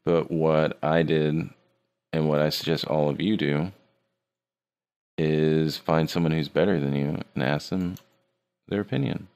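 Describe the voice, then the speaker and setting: Male instructor, very low and gravelly, laid-back, teasing, walks students through software. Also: fairly even intonation, a little slow, pauses often. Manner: joking, teasing his students. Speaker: 3D art teacher. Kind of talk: casual screen-recorded tutorial.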